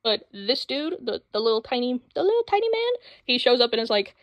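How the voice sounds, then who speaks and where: A young woman rambling excitedly about anime in a casual vlog, full of fillers and sudden jumps in voice. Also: fairly high pitch, gravelly, dry recording. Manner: rambling, excitable, with frequent fillers and quick voice switches. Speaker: anime vlogger. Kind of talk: casual chat. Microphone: phone mic.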